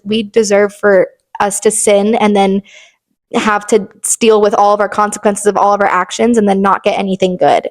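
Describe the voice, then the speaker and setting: A young woman hosting a faith podcast, talking earnestly in a rambling way with lots of filler words. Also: on the high side. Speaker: podcast host. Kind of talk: casual faith podcast chat.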